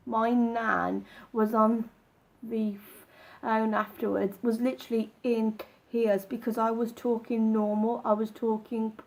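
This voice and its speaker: A woman giving casual advice to camera, talking in halting, broken phrases with frequent restarts. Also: fairly high pitch, creaky, a little mellow. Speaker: vlogger.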